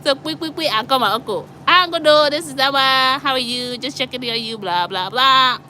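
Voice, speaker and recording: Woman, bright higher voice, animated storyteller, faint traffic hum behind. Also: moderate pace. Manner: animated, acts out both sides of a traffic stop in Liberian English. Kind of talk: casual storytelling.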